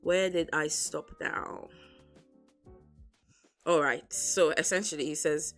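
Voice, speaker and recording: Young woman streamer, low voice, chatty casual reading with laughing asides, close sensitive mic, faint background music. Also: slow, pauses often, fairly bright tone. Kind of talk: reading a novel aloud with casual commentary. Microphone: sensitive desk mic.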